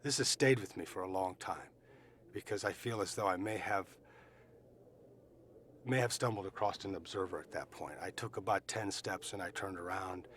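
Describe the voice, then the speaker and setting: A middle-aged man giving eyewitness testimony, telling his story earnestly and emphatically, with pauses and restarts. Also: low voice, a bit bright, slight background noise. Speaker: eyewitness recounting events.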